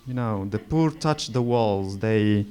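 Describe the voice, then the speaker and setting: At a literary event, a slow-spoken Moroccan author in his forties, whose mother tongue is Moroccan Arabic, tells reflective stories from the stage. His voice sits on the low side, smooth and darkish, and he keeps pausing, restarting, and reaching for words.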